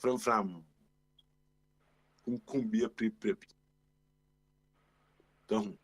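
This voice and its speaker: A man's voice: on the low side, steady tone, slow. A man speaking as a guest on a radio talk show, giving a long rambling monologue full of exclamations. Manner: rambling, exclamatory, often calls out "Papa".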